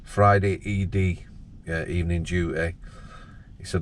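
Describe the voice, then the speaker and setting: Deep-voiced man, blunt. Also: fairly even intonation, normal speed, slight background noise. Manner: blunt, colloquial, openly moved. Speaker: host, former prison officer. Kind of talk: conversational interview.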